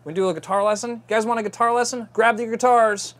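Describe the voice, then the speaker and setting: A man's voice: high voice, fairly even intonation, fairly bright tone. Playful man hosting a guitar chat. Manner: playful, rambling, quick to laugh. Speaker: show host and guitarist. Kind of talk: casual chat about guitar.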